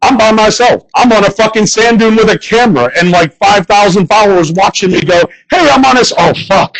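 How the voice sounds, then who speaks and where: A young man with a somewhat high voice works a live crowd with a stand-up set. He rambles through crude, profane stories in a loose, conversational way. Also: brisk, low-quality recording. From northern United States. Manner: crude, rambling storytelling with swearing. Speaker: stand-up comedian. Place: bar stage before a live audience.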